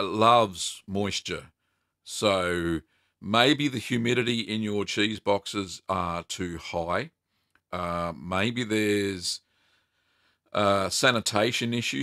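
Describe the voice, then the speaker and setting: A man's voice: fairly low pitch, bright, forceful tone, clear, resonant tone, no echo, clean studio sound. A middle-aged man, hosting a casual live Q&A and reading chat questions aloud in an upbeat, chatty way with lots of ums and easy laughs. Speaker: cheese-making livestream host.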